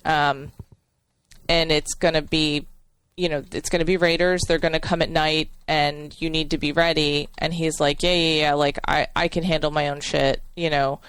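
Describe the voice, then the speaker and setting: A woman co-hosting a podcast, warmly retelling a TV episode in a rambling way with many fillers and restarts. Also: low voice, level tone, moderate pace, clean tone, no room sound. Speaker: podcast co-host. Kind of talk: casual chat.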